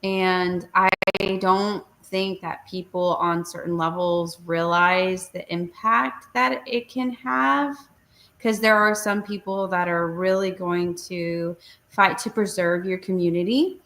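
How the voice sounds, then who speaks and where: A woman in casual talk-show chat, telling stories in an animated way and acting out what people said. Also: on the low side, takes it slowly. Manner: animated storyteller, acts out quotes.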